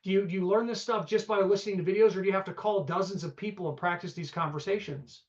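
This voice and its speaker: With the highs cut off in the recording, a high-pitched man speaks at a quick clip. He's teaching a live seminar on real estate investing, upbeat and conversational, full of rhetorical questions and repeated "okay?"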